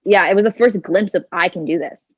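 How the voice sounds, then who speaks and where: A woman's voice: fairly low pitch, a little fast, breathy edge, no echo, rough recording. A woman in her twenties, a podcast guest telling a personal story in a chatty way, leaning on "like" and "kinda" and acting out her own thoughts, speaking into a handheld phone. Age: 20s.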